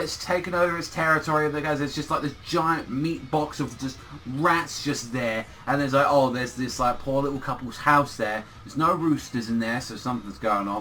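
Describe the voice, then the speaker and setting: Young male reviewer, casual rambling rant style, heavy swearing, sharp bright tone. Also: a little high, a little fast, hardly any pauses. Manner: animated, swears a lot, rambling. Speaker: anime reviewer.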